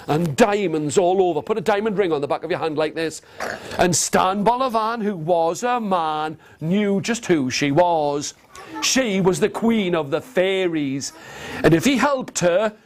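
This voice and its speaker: A man telling an interactive story to nursery children in a classroom, animated and coaxing, getting them to copy his gestures. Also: high voice. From England. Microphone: video camera. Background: guitar.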